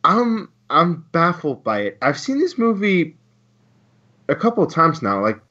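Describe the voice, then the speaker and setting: A man's voice: fairly high pitch, measured pace. A man co-hosting a podcast, ranting heatedly with a lot of swearing. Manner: heated, profane, animated ranting. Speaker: podcast co-host. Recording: lo-fi dull sound.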